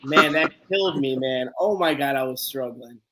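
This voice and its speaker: Crowd noise sits behind a man speaking at normal speed in a mid-range voice. He's on a live stream, energetically spinning a casual story and performing each quote as he goes.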